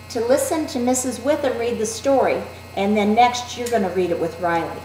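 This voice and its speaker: A woman's voice: a little high, dark tone, slight background noise. Woman teacher explaining in a roomy space. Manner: clear, deliberate, instructive. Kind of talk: demonstrating a classroom activity. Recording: roomy echo.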